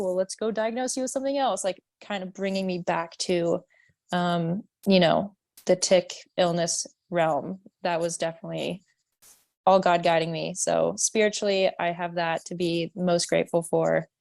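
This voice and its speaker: Twenties woman, lower voice, chatty guest full of fillers, dry booth. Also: flat delivery, moderate pace, vocal fry, darkish tone, no room sound. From California. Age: 20s. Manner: candid, rambling with many fillers. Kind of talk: podcast interview.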